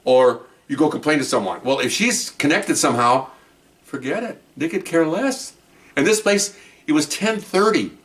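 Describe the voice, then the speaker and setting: A man hosting a podcast, telling a story in a casual, rambling, animated way and laughing as he goes. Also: a little high, moderate pace, recorded from a distance. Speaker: podcast host telling cop stories.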